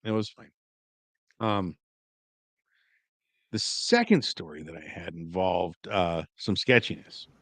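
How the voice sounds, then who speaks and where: A man in his forties, a podcast co-host, telling stories casually and acting out quoted lines loudly. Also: low-pitched, slow pace, pauses often, dry recording. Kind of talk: casual storytelling chat.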